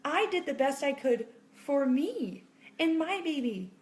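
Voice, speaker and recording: Unhurried and high-pitched, a mom vlogger in her thirties talks casually to the camera, reassuring her viewers and performing quotes in animated voices.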